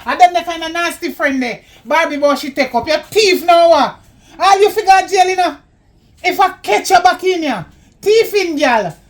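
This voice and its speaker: An actress playing a bossy, scolding house helper, with a Jamaican accent, commanding in patois. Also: female voice, very high voice, expressive, moderate pace. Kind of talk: Jamaican movie acting.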